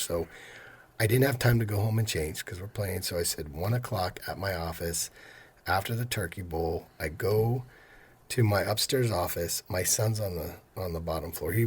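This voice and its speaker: A man in his fifties with a low, very husky voice tells work stories in a relaxed podcast chat. He acts out his customers' lines as he goes. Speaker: mortgage loan officer, podcast guest. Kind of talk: casual storytelling interview.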